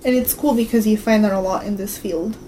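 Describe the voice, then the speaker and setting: A woman's voice: medium pitch, steady tone, brisk, mellow, slight background noise, low-quality recording. A woman co-hosting a podcast in casual chat, laughing often and acting out the people she quotes. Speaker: podcast co-host.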